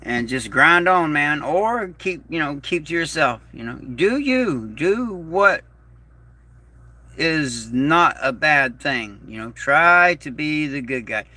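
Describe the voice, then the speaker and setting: A man hosting a casual livestream in a slow, rambling, folksy way, reading out viewer messages. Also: on the high side, expressive, bright, forceful tone. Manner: slow, rambling, folksy, reads chat aloud. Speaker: YouTube channel host.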